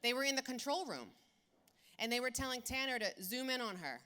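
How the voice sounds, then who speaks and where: A woman in her forties from South Philadelphia, telling stories in a keynote talk in an animated, blunt, profane way. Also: fairly high pitch, brisk. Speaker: keynote speaker. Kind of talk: comedic storytelling keynote.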